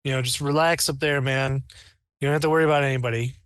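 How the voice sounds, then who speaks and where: A man's voice: medium pitch, steady tone, quick pace, fairly bright tone, smooth, dry recording, studio quality, voice pushed up, natural voice. A man voicing a laid-back adventurer who talks in a soothing drawl. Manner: drawling, calls everyone "man".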